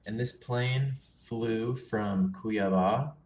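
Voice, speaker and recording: A man casually teaching nature journaling on a livestream, relaxed and chatty with self-deprecating asides. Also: fairly low pitch, extremely slow.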